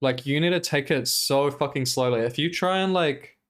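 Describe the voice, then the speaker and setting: A man streaming and commenting casually, talking in an animated, profane, exasperated rant while reacting to gameplay. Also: medium pitch, moderate pace.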